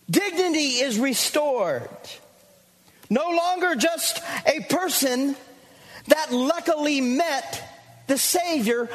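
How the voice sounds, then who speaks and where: A male pastor preaches a fervent sermon in a church sanctuary, repeating lines and calling out to his congregation. His voice is extremely high and a bit bright, carried by long church reverb.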